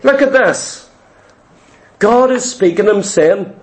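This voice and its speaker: A man's voice: high voice, animated, takes it slowly, pauses often. A man preaching a sermon, emphatic and full of repeated rhetorical questions.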